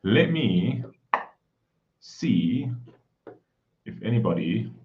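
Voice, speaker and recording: A man with a very low voice chats casually on a home live stream, calling out viewers by name in a friendly, hushed way. The audio is dull and lo-fi. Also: sing-song, extremely slow, a little hiss or hum. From South Africa. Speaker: livestream host. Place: home room.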